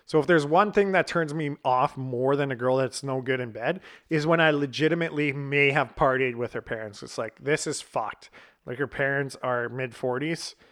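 A man in his thirties tells a story from his own life in a loose, conversational way. He is blunt and profane and laughs at his own mishaps. His voice sits at an ordinary middle pitch for a man. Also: a bit bright. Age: 30s. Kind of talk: casual storytelling.

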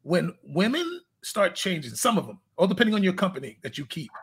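A man's voice: high voice, very animated, fairly quick, fairly bright tone, husky. A man, a fitness coach, chatting casually in an interview, telling candid rambling stories and laughing at his own jokes.

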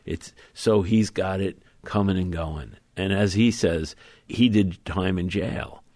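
Author guest, low male voice, thoughtful and measured, dry close studio sound. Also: a little mellow, no room sound. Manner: thoughtful, measured, explains at length. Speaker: author being interviewed. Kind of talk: conversational interview.

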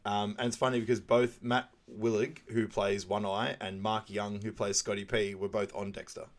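A man's voice: on the low side, level tone, normal speed. A man co-hosting a casual movie recap podcast, laughing often and acting out lines from scenes. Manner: laughs often, acts out quotes in raised voices. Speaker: podcast co-host.

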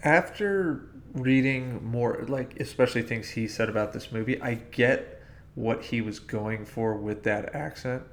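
A man with a gravelly, creaky voice chats about films on a podcast. He explains his views in a relaxed, informal way. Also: mid-range voice, a little slow. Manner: explains from what he has read. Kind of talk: casual film discussion.

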